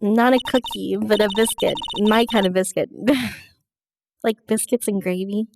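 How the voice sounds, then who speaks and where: A woman's voice: mid-range voice, steady tone, moderate pace, gravelly, a little mellow, no room sound. A woman game streamer chatting casually with her viewers, giggly and friendly, reading out chat messages. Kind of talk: casual let's-play chat.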